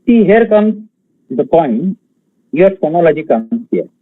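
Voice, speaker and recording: A man from India giving an online exam-prep lecture, talking slowly with many fillers and pausing to count out syllables and stresses. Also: on the high side, sing-song, no room sound, narrow, tinny audio. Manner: slow, halting delivery with many fillers, counting out feet and stresses.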